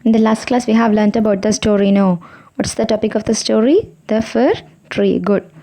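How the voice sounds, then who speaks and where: A woman's voice: mid-range voice, normal speed, warm tone. Indian-accented woman teaching, repeating herself. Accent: Indian English. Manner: repetitive, asks questions and answers them herself; tag questions like "isn't it?". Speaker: primary school English teacher. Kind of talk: online class lesson.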